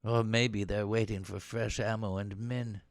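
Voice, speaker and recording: A man's voice: on the low side, little pitch movement, unhurried, no echo, studio quality. A man reading a reserved upper-class young soldier. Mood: wary. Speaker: actor in a script reading. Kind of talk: script reading.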